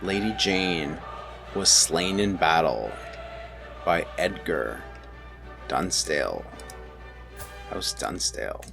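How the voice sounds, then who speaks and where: A man's voice: low voice, slow, gravelly, long pauses, over music. A man giving let's-play commentary on a strategy game, musing aloud and playfully villainous. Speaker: gameplay commentator.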